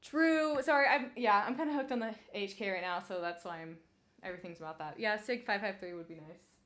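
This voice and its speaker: A woman's voice: mid-range voice, brisk, a bit bright. A young woman hosting a casual chat, hesitant and full of fillers, often laughing. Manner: giggly, hesitant, lots of fillers. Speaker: channel host.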